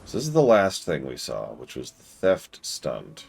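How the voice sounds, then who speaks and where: Chatty male streamer, bass-deep with a lively swing; talks through the game and answers viewers. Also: a little slow, creaky, slightly rough. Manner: thinks aloud, chatty, answers chat. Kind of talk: casual gameplay commentary.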